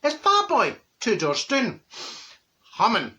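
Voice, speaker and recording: A man's voice: very high voice, wildly swooping pitch, slow pace, exaggerated voice. A man playing a straight-talking, gossipy middle-aged woman from Glasgow, with a Glaswegian accent, chatting blunt comic stories to camera. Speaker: comic character.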